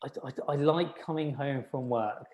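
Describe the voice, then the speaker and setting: Relaxed man in his thirties. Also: medium pitch, normal speed. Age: 30s. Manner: relaxed, self-deprecating, many restarts. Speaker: podiatrist guest. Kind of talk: casual interview chat.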